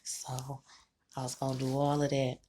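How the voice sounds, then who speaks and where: A woman's voice: rumbling low, completely flat delivery, moderate pace, warm tone, a little hiss or hum. A woman vlogger talking candidly to the camera, chatty and frank, swearing freely and laughing between thoughts. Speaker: tarot-reading vlogger. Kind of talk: candid personal talk to camera.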